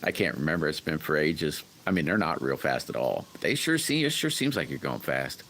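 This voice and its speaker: A man chats loosely on his livestream, wandering from story to story and calling out viewers by name. His voice sits very low, and a faint hum of room noise runs behind him. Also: sing-song, brisk, a bit bright. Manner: rambling, folksy, greets chat by name. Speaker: livestream host chatting with viewers. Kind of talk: casual livestream chat.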